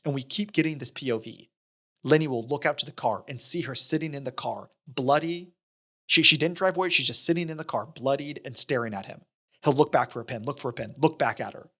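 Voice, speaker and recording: A young man with a bright, forceful voice talks through a movie scene on a podcast. He slips into quick acted-out lines for the characters and leans on fillers as he goes. His pitch sits in the middle range. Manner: animated retelling, acts out character lines, frequent fillers. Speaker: podcast co-host. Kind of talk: casual film discussion.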